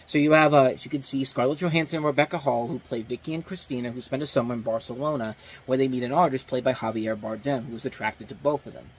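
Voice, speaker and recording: A man's voice: medium pitch, quick pace, breathy edge, low-quality recording. A man hosting a movie review show, talking casually and rambling, with lots of fillers and restarts. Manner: rambling, many fillers and restarts, animated emphasis.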